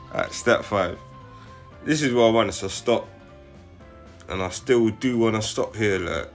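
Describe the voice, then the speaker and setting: A young man, giving slang-heavy, excitable commentary straight to his viewers. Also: on the low side, measured pace, pauses often, soft background music. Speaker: gaming channel host. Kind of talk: casual live commentary.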